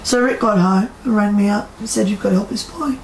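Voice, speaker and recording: A woman's voice: medium pitch, fairly quick, a little hiss or hum. A woman, a psychic medium, telling a story to an audience in a chatty way and asking them questions. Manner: chatty, quotes people in acted voices, asks the audience questions. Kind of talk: storytelling talk to a live audience. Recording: echoey room with faint ambience.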